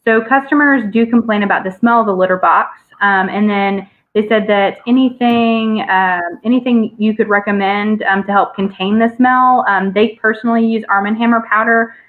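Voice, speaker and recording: A woman's voice: medium pitch, fairly even intonation, moderate pace, hardly any pauses. Woman moderator on a tinny line. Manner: hesitant, many fillers. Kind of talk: reading audience questions.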